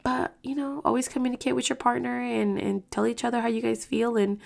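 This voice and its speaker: A woman's voice: on the high side, level tone, fairly quick, vocal fry, a little mellow. A woman hosting a casual podcast monologue, talking bluntly and emotionally, swearing often and rambling through restarts. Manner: heated, blunt, swears a lot. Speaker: podcast host.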